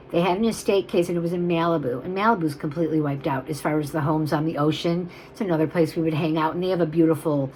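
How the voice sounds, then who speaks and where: A woman's voice: on the low side, a little hiss or hum, low-quality recording. A woman selling vintage jewelry on camera, talking in a chatty, emotional way that wanders off on tangents. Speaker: jewelry seller. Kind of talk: rambling live sales chat.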